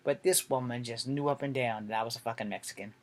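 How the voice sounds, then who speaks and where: A man's voice: medium pitch, fairly even intonation, fast talker. Candid man swearing through a story. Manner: candid, rambling, swears freely. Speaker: vlogger telling a personal story. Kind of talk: casual storytelling monologue.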